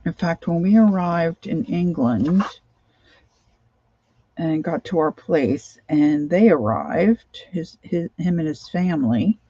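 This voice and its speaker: Sounding sleep-deprived, a crafting vlogger rambles casually while making a craft project, humming and singing to herself now and then. Her fairly low voice is warm with a breathy edge, lively in intonation, and she takes it slowly. There's no room sound in this dull, lo-fi home recording.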